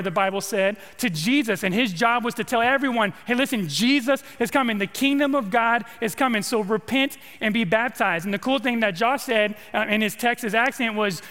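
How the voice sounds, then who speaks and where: A man from California preaches with a high, ringing voice, talking to the congregation in a loose, conversational way and often repeating his words. His sermon carries a long reverb from the hall. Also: sharp tone. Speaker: pastor.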